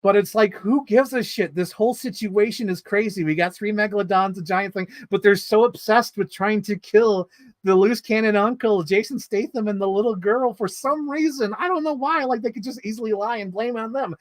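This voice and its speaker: A man giving a casual, animated movie review as a story, swearing freely and getting excited. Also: sits high, dry recording.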